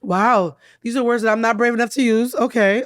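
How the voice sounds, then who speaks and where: A woman hosting a podcast, telling a dating story in casual chat, her voice hoarse from laryngitis. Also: fairly high pitch, brisk, no echo, studio quality. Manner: chatty and expressive, storytelling. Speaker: podcast host. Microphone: studio mic.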